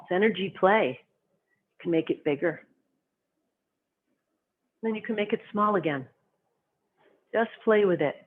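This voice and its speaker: A qigong instructor calmly guiding students step by step through slow movement and stretching exercises. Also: mid-range voice, a little hiss or hum. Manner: calm, gently instructive, cueing each movement. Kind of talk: guided movement lesson. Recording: tinny phone-like sound.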